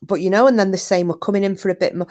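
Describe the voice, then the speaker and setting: A woman's voice: medium pitch, racing, darkish tone, dull audio. A woman hosting a casual live chat, laughing often and swearing casually. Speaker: live stream host. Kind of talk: casual chat reading viewer comments. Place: home, windy day.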